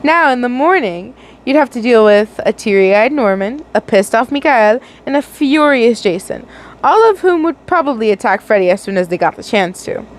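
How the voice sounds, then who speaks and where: A woman's voice: a little high, lively intonation, moderate pace, rough recording. A young woman reading fanfiction aloud casually, giggling and correcting her own slips. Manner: giggly, stumbles and corrects herself. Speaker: fanfiction reader.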